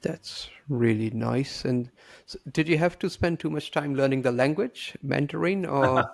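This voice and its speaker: A man's voice: mid-range voice, measured pace, gravelly. A man interviewing a guest, mostly giving short listener responses. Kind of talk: casual interview chat.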